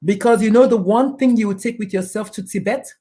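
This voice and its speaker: A woman's voice: mid-range voice, a little fast, dark tone. A middle-aged woman speaking as a guest in a talk show interview, emphatic and preachy, often acting out the people she quotes. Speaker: guest, doctor and suicide prevention speaker.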